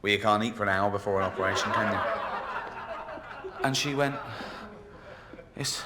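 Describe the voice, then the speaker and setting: A man doing a stand-up routine, mocking and sardonic, jumping into squeaky voices for the people in his jokes. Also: a little fast. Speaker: stand-up comedian. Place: comedy club stage in a video game. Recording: game audio, club reverb with crowd laughter.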